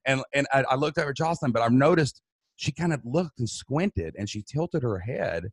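A man telling an emotional personal story in a casual, animated way, often saying "dude" and "man". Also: medium pitch, fairly quick, breathy edge, no echo, studio quality. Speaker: guest.

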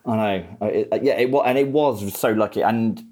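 A man's voice: lowish voice, normal speed, mellow, breathy edge. A young man in casual chat, telling a travel story with lots of swearing, laughter and stammered restarts.

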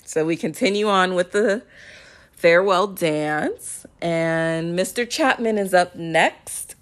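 A young woman with a fairly low, slow voice chats casually while recapping a reality dating show. She laughs a lot and acts out what the cast said in animated voices.

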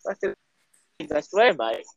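A man's voice: a little high, sing-song, measured pace, gravelly, no echo, muffled recording, voice pushed down, heavily acted. A man putting on a mock British accent to play a snooty, insulting British man in an improvised comedy skit. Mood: sneering. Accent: put-on British. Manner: sneering, taunting.

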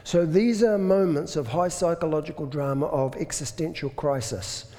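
A man's voice: on the high side, moderate pace, mellow. A man preaching a sermon, explaining things in a conversational way with dry self-deprecating humor. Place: church. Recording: echoey hall.

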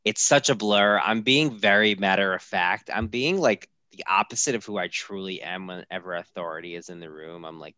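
A man with a lowish voice tells a story on a podcast, animated and quick to act out the voices of the people in it. His voice is recorded dry and close, with no room sound around it. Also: dry recording. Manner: animated, acts out quoted voices. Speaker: podcast co-host. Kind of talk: casual storytelling chat.

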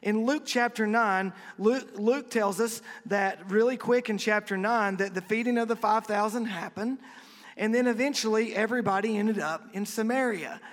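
A man preaching a conversational sermon, acting out quotes with lively energy. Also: sits high, normal speed, in a large hall. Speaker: pastor.

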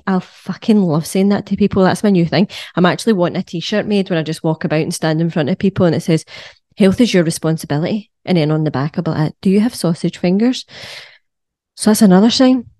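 A woman's voice: on the low side, fast talker, mellow, no room sound, studio quality. A young woman hosting a casual wellness podcast, sweary and jokey with playful sung asides. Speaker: podcast host, wellness coach. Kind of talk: casual solo podcast talk.

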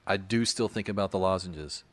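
Deep-voiced man in his thirties. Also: normal speed, fairly bright tone, no room sound. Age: 30s. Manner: rambling storyteller, explains things patiently. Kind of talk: casual chat.

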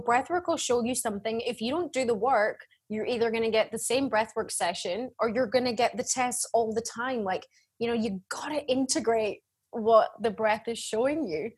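A woman's voice: a little high, breathy edge. A woman hosting a casual podcast interview, who responds with encouragement and laughs along with her guest. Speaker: podcast host, breathwork teacher.

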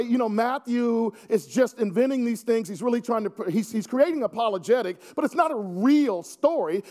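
A man's voice: high-pitched, darkish tone. A man preaching a sermon to his congregation, earnest with wry asides. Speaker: pastor.

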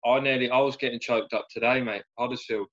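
Laid-back sweary lad, lo-fi. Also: male voice, mid-range voice, steady tone, fast talker, fairly bright tone. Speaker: podcast guest, football fan. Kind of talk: casual chat. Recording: slightly dull lo-fi sound.

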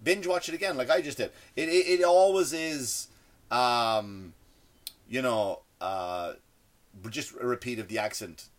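A man's voice: medium pitch, a little slow. A man with a non-American accent, seated indoors, rambling through a comedic rant, stammering and restarting often, with a sarcastic, mocking tone. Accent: non-American English.

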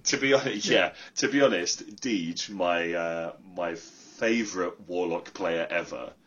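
A man's voice: deep voice, unhurried, a bit bright. Teasing man on muffled audio. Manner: swears casually, teasing. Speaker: podcast co-host. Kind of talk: casual gaming podcast chat.

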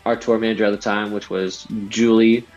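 Slangy, animated Southern California man. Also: lowish voice, a little fast. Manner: animated, slangy, acts out his own past lines. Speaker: guest, DJ. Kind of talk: casual storytelling chat. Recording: dull lo-fi podcast audio with faint music.

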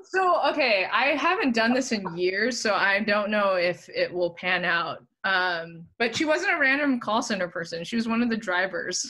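Bright-voiced chatty woman guest. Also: mid-range voice, expressive, moderate pace. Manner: chatty, many "like" fillers, laughs easily. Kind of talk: casual podcast chat.

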